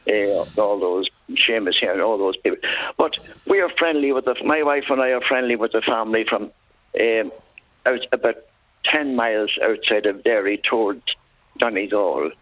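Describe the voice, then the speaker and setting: A man's voice: on the low side, normal speed, dry recording. A male caller on a radio phone-in, telling stories in an emphatic, chatty way. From Ireland. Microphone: telephone. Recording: tinny phone line.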